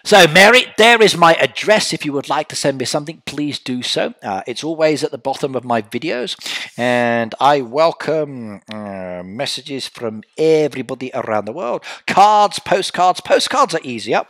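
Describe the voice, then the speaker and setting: A man's voice: a little high, animated, moderate pace, fairly bright tone. A man chatting and joking with viewers as the host of a live stream. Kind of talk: casual live-stream chat.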